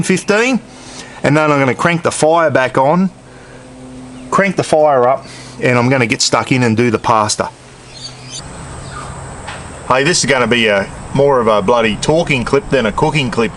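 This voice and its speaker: A retired Australian bloke in his sixties chats away while he cooks on an outdoor camp stove. His talk rambles and wanders in an easygoing way, with "bloody" dropped all through it. His voice sits at an ordinary middle pitch, and faint outdoor noise hums behind him. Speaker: cooking vlogger. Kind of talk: casual outdoor camp cooking chat.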